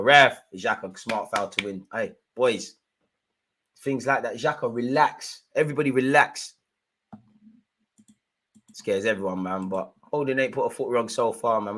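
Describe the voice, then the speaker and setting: A young man hosting a live football watchalong, giving slangy running commentary and shouting at the referee in bursts. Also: lowish voice. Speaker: live match watchalong host.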